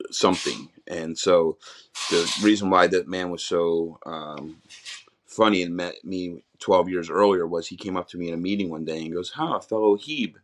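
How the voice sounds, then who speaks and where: A middle-aged man, a podcast guest, candidly telling his life story in a raw, rambling way with many restarts. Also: deep voice.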